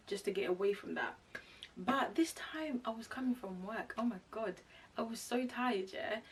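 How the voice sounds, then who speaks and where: A young woman vlogger chatting casually, retelling a personal story with lively quoted asides. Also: medium pitch. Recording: voice a bit far from the mic.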